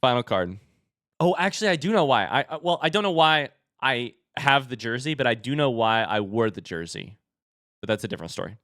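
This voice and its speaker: A young man live-streaming as he opens card packs and chats with viewers, turning excitable and hyping each reveal. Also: fairly quick, no echo, studio quality. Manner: excitable, bursts into high shouts; hype commentary.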